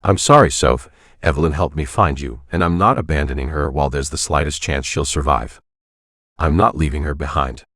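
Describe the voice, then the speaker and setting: A man's voice: very deep voice, a little fast, a bit bright, dry recording, clean studio sound, full character voice. A man voicing a terse, stubborn, protective father in an audiobook.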